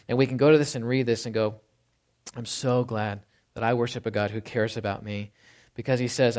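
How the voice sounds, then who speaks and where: A man preaches in an easygoing, conversational manner, with a voice sitting at an ordinary middle pitch. He keeps checking in with his listeners and slows down deliberately whenever he reads scripture. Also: darkish tone. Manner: conversational, asks "right?" often, slows for scripture quotes. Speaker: pastor. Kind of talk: sermon.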